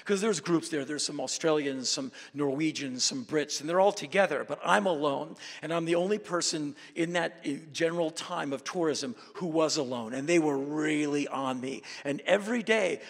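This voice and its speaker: Gravelly man talking in a big hall. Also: fairly high pitch, normal speed, hardly any pauses. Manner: intense, emphatic, swings into loud bursts. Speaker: guest speaker at a university event. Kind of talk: live storytelling talk to an audience. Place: auditorium. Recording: reverberant hall.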